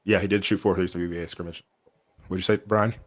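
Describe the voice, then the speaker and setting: This young man's voice sits low and steady, and he talks quickly while co-hosting a laid-back basketball podcast. The sports chat wanders, packed with fillers and restarts.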